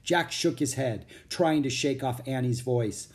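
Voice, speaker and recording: A man reading a children's book aloud as audiobook narrator, with an expressive, animated storytelling manner. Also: medium pitch, a little slow.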